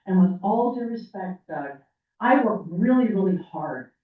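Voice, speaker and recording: An older woman with an expressive, mid-range voice speaks a little slowly as she makes an upset, emphatic public comment, pleading with officials at a city meeting. She's in a city council chamber, picked up by an echoey room mic from far off, so the sound is dull.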